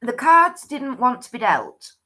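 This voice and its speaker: Slow-talking woman reading cards. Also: a little high, huge pitch swings, bright, forceful tone. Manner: chatty, restarts often, muses aloud. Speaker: livestream host and oracle card reader. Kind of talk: chatty live oracle card reading.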